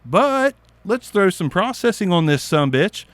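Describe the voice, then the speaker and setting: A man with a Southern US accent casually reviewing a microphone in his small home studio, goofy, swearing and cracking crude jokes, with sudden loud outbursts. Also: high voice, big pitch swings, a little slow, dry recording. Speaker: mic reviewer.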